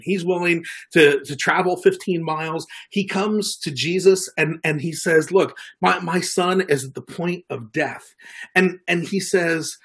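Husky earnest male preacher. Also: a little high. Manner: earnest, with frequent repeated words and restarts. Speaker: pastor. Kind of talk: sermon.

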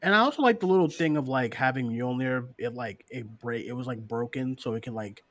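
A man's voice: medium pitch, a little fast, dry recording. A man co-hosting a casual live-stream show, reading listener questions, laughing often and cursing freely. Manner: animated, profane, laughs often, mocking voices.

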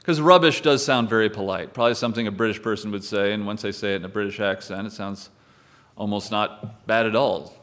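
A man's voice: lowish voice, brisk, a bit bright. A male pastor preaching a sermon in a conversational way, with wry asides to the congregation.

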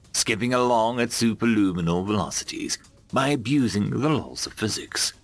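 Expressive man reading sci-fi stories. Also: medium pitch, dry recording. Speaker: story narrator.

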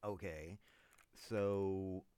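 A man delivering an unscripted political monologue, emphatic, addressing his listeners as ladies and gentlemen. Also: deep voice, fairly even intonation, very slow, clean tone. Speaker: political commentator.

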